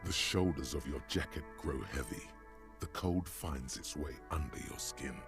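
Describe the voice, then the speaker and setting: A gravelly brooding game narrator. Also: male voice, normal speed, over music. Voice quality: deep, gravelly.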